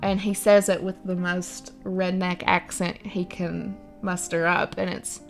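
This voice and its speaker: A young woman with an Appalachian accent chats casually and unhurriedly, explaining local dialect words. Her lowish voice has little pitch movement, with faint music behind her.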